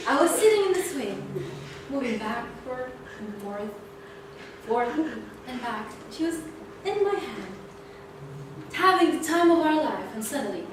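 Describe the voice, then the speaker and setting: Speaking at a club meeting, a young woman tells a playful story in her prepared speech with great animation. Her voice sits high and her pace is measured. Captured on a distant mic, the audio is echoey with noise in the background.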